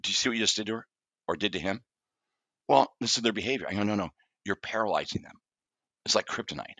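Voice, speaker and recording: A middle-aged therapist speaks fast in a lowish voice with no echo as a podcast guest. During the conversational interview he's an animated storyteller, sharing episodes from his practice and acting out what clients tell him.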